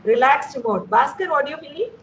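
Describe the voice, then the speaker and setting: A woman's voice: high voice, expressive, normal speed, fairly bright tone, a little hiss or hum. A woman from India with an Indian English accent, a stress management trainer leading a guided visualization meditation, soothing and repeating her breathing cues. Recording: echoey dull sound with faint music.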